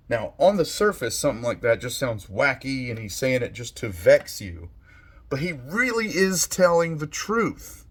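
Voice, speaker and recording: A man giving a slow, thoughtful monologue as a channel host, soft-spoken and unhurried. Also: medium pitch, very animated, husky. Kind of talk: reflective monologue.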